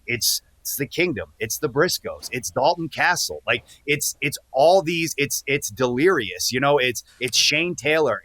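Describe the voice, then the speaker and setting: A man in his thirties, a wrestler guest on a podcast, telling earnest stories in casual, animated talk. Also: medium pitch, no room sound. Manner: earnest, animated, speeds up when excited. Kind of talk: casual interview storytelling.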